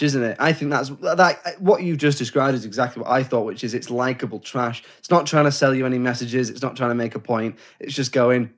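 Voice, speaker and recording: A man's voice: medium pitch, fairly quick, few pauses. A man co-hosting a casual film discussion podcast, rambling and self-correcting, often acting out quoted lines. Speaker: podcast co-host.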